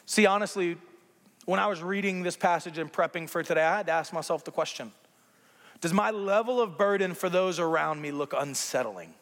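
High-voiced preacher man in a reverberant hall. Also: brisk. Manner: animated, conversational preaching with playful asides. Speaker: pastor. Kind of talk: sermon.

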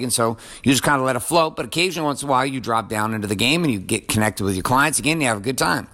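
A man's voice: mid-range voice, bright, forceful tone. A man in his forties giving a casual motivational monologue, blunt and profane, talking straight to the listener. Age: 40s.

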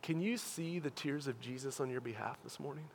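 A man preaching a sermon as a pastor, earnest and questioning, moving from hushed, tender phrases to loud, pressing appeals. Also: mid-range voice, brisk, creaky, in a large hall, a little hiss or hum.

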